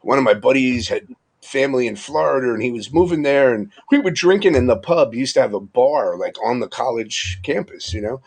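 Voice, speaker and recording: A man in his fifties with a New York accent chats on a livestream. His voice is husky and of middling pitch. He rambles loosely and chuckles as he talks. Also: lively intonation, fairly quick. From Long Island, New York. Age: 50s. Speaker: livestream host. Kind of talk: casual live chat. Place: home room, video call.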